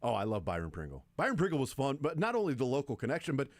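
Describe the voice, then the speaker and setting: A man's voice: mid-range voice, wildly swooping pitch, rapid-fire, no room sound. A man hosting sports radio talk, rambling in a casual and enthusiastic way about favorite old players. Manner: rambling, enthusiastic, fond of nostalgic player picks.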